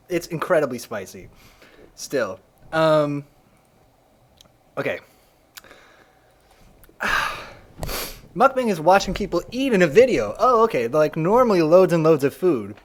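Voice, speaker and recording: Animated, jokey male streamer. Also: a little high. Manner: rambling, jokey, repeats himself. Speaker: live streamer. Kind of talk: casual live-stream chat.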